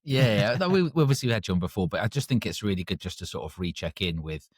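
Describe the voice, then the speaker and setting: A man with a fairly low voice, chatting casually as a podcast co-host. He often drifts off mid-phrase and starts again. He is recorded dry and close. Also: lively intonation, fast, husky, no echo. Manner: chatty, trails off and restarts. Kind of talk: casual chat.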